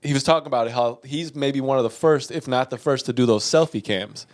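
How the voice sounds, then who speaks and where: A man co-hosting a podcast, talking casually and telling stories with lots of swearing and laughter. He slips into quoted voices as he retells things. His pitch sits in a middle register. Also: a little fast. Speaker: podcast co-host. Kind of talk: casual chat.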